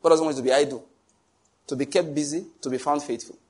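Husky-voiced preacher man. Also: a little high, fairly even intonation, fast, a little mellow. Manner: emphatic, asks the congregation questions. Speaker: pastor. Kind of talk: sermon.

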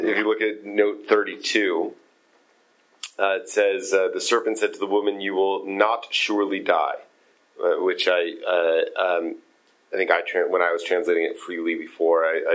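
Low-voiced man leading a halting study talk. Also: low-quality recording. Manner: halting, many fillers and restarts. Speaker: study group leader. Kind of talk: casual text study discussion.

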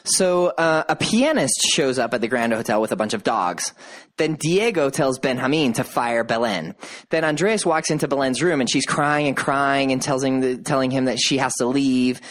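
A man co-hosting a podcast, casually retelling a TV drama plot with lively quoted voices. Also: normal speed. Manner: animated storyteller, voices quotes with rising pitch. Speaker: podcast co-host. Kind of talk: casual chat, recapping a TV drama.

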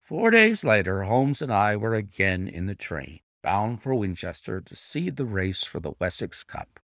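A man narrating a classic detective story aloud with a deliberate, expressive reading. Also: lowish voice, no echo. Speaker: reader and annotator of classic stories.

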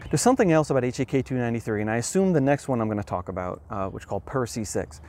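A man of middle pitch talks through a scientific explanation in an earnest, emphatic way. He leans on key words and slows down to let points land. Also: darkish tone. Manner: earnest, emphatic, with measured pauses.

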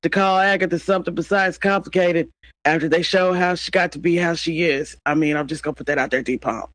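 A man's voice: a little high, fairly even intonation, brisk, a bit bright, no echo, poor audio. A man co-hosting a podcast, talking casually and animatedly, teasing and laughing as he goes. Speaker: podcast co-host.

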